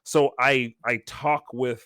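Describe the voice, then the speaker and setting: A man with a smooth, mid-range voice takes his time, recorded dry with clean studio sound. Co-hosting a casual podcast chat, he tells stories animatedly and acts out the lines of the people in them.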